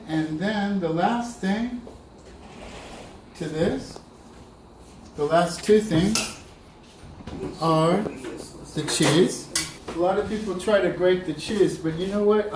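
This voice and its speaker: A man giving a relaxed, chatty cooking demonstration, talking through each step as he works. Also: high voice, roomy sound, background noise. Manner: relaxed, chatty, talks while working. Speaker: cooking instructor.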